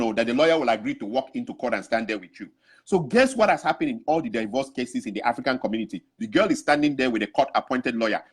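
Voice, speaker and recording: With a medium-pitched, slightly rough voice, a man passionately exhorts African men to change. He's preachy and urgent, imitating others' words in the middle of his stories.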